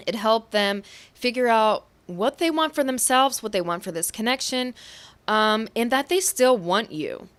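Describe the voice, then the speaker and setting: A young woman talks through a pick-a-card tarot reading in a gentle, reassuring way. She sounds affectionate and shares what she senses as she goes. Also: fairly high pitch. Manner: intuitive, says what she hears or feels. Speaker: tarot reader.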